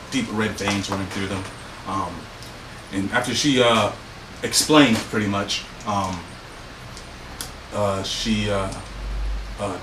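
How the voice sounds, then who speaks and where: A man narrating a tabletop game as game master, in a loose, rambling way full of fillers. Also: on the low side. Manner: rambling, full of ums and likes. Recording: roomy, distant mic, background noise.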